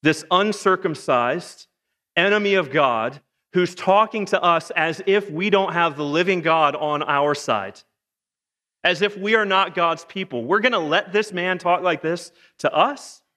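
A man preaching a sermon in a lively, joking way, firing off rhetorical questions. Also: high-pitched, a little slow. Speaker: pastor. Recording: long hall reverb.

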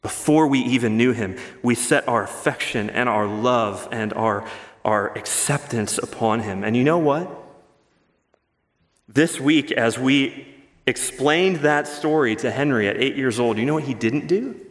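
A male pastor preaching a sermon, earnest and emphatic, rushing through asides and slowing down to stress key words. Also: medium pitch. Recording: long hall reverb.

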